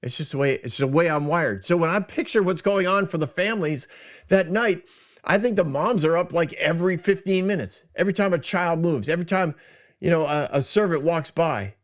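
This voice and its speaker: A man's voice: high voice, a little fast, muffled recording. A man hosting a podcast, casually retelling a scripture story in a conversational, self-deprecating way. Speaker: podcast host.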